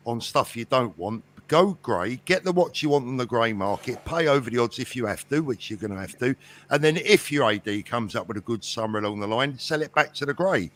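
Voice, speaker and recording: A man with a mid-pitched, ordinary voice co-hosts a casual livestream chat. He argues earnestly and reasons things through, repeating phrases to drive his point home. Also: fairly bright tone. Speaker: livestream co-host.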